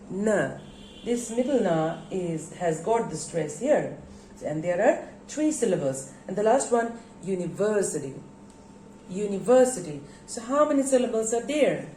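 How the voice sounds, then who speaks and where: A woman's voice: medium pitch, mellow. A woman teaching a lesson, stretching out words and repeating them for her students. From Bangladesh. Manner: slow, drawn-out word emphasis, repeats words for students. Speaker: English teacher. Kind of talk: recorded classroom lesson. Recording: echoey room, faint background noise.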